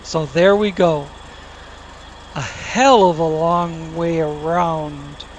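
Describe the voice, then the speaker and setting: Over the hum of a game vehicle's engine, a man hosting his gaming channel rambles through commentary on his gameplay. His voice is fairly high and slow, and he keeps correcting himself and making crude side remarks.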